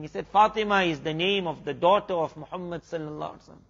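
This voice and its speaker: A man's voice: on the high side, very fast, gravelly, fairly bright tone, highs cut off. A man preacher with a South African accent, telling a sermon story full of quoted exchanges. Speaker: Islamic preacher.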